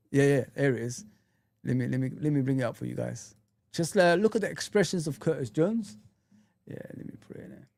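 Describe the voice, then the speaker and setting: A man's voice: medium pitch, gravelly, a little mellow, no echo. A young man hosting a casual livestream, reading viewer comments and chatting loosely with slang. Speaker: livestream host. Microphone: streaming setup mic.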